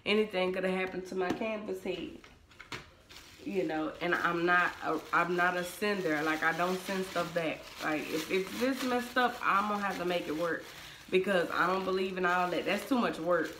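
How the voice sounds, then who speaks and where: A woman's voice: lowish voice, moderate pace, reverberant, background noise. A woman vlogging casually to camera, chatting in a sassy, emphatic way about a product she bought. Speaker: vlogger reviewing a wig-making canvas head.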